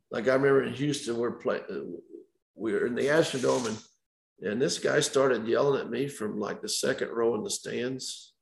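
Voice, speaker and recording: Older man, storytelling guest, gravelly, echoey room. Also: mid-range voice. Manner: relaxed anecdotal storyteller, chuckles at his own tales. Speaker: retired baseball umpire, guest. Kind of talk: storytelling interview.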